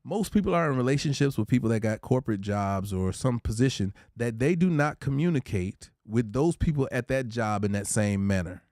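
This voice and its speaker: A man hosting a casual livestream, talking through relationship advice in an easygoing, preachy way and shouting out his chatters by name. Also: mid-range voice, expressive, brisk, few pauses, no echo, clean studio sound. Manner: reads out viewer comments and shouts out chatters; laid-back, conversational, preachy about relationships. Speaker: livestream host.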